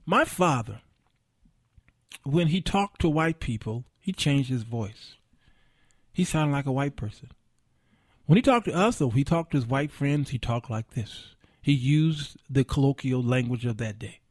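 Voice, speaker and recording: A middle-aged man from the Chicago area of the US hosts a livestreamed talk show, giving a passionate monologue with preacher-like swells of emphasis. His mid-range voice has lively intonation and an unhurried pace, captured in studio quality with no echo.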